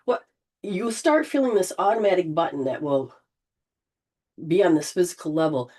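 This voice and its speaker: A woman leading an informal spiritual healing session, gently coaching and often restarting her sentences. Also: fairly low pitch, very animated, moderate pace. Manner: rambling, with frequent restarts and throat clearing.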